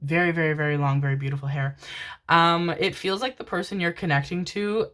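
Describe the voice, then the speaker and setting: A woman's voice: low-pitched, steady tone, fairly quick, fairly bright tone. A young woman doing a pick-a-card tarot reading, affectionate and giggly, calling viewers her babies and swearing casually. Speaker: tarot reader.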